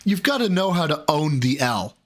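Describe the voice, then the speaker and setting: A man's voice: a little high, sing-song, moderate pace. A man commenting on a video, sarcastic and teasing, swearing as he mocks what he hears. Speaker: reaction commentator. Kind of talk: mocking commentary.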